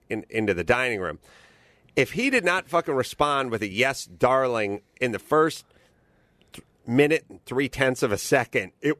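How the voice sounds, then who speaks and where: Animated, profane man ranting. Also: mid-range voice, no echo. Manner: profane, animated storytelling, swaps into voices for quotes. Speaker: podcast host. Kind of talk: casual comedic rant.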